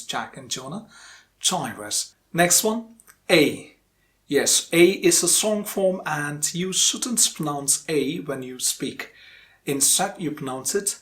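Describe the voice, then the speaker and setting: A man with a slightly high voice teaches English pronunciation. He speaks deliberately and says example phrases more than once so learners can follow them. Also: expressive, a bit bright. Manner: deliberate, repeats example phrases slowly for emphasis. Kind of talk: explanatory lesson.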